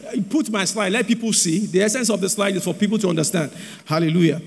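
A man preaching a sermon on marriage, animated and sing-song, breaking into shouts. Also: sits high, fast talker, gravelly, slight background noise. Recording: long hall reverb.

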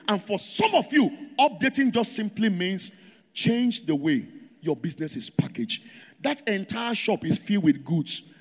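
A man's voice: high voice, very animated, moderate pace. A Nigerian man preaching a sermon to a congregation in a church auditorium, drawing call-and-response from the crowd. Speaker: pastor. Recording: long hall reverb.

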